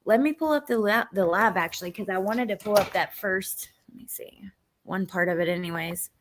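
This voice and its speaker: A woman hosts a casual true crime livestream. She talks in a chatty, rambling way, with plenty of ums. Her pitch sits in a middle range. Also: a little fast, slight background noise.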